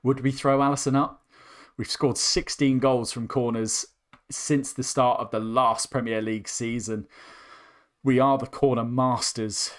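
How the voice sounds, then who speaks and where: A young man hosting a live football watchalong, commentating with rising excitement as his voice starts to go hoarse. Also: mid-range voice, unhurried. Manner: excitable, voice climbs sharply with the action. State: voice going hoarse. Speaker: host.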